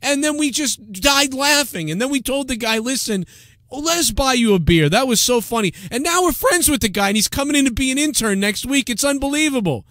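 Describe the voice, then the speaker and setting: A man's voice: very high voice, animated, fairly quick, fairly bright tone, no room sound, pitched above the performer's own voice. A man doing a mocking impression of a rowdy, cocky, beer-drinking male radio host with crude bragging. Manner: brash, rowdy, laughing braggadocio.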